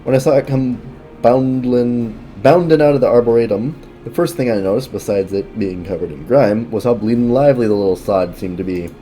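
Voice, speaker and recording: A man's voice: mid-range voice, brisk, warm tone, soft background music, natural voice. A man reading a chatty game villager. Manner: plain reading with slips.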